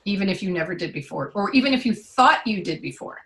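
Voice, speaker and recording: A woman giving a client testimonial in casual conversation, chatty and animated as she tells her stories. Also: medium pitch, fast.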